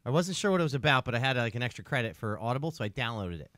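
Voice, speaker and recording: A man's voice: mid-range voice, animated, racing, fairly bright tone, no echo. A man hosts a casual podcast, spinning a long, rambling story and checking in with "right?" every few lines. His voice sits in an ordinary middle range. The recording is dry and close. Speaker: podcast host.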